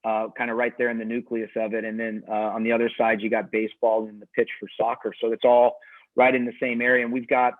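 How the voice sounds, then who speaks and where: A man's voice: mid-range voice, little pitch movement, fast talker. A man speaks as a college tennis coach in a casual interview, easygoing and rambling, often restarting his sentences. His voice comes through a video call with thin, phone-like sound. The audio is dry, with no room echo.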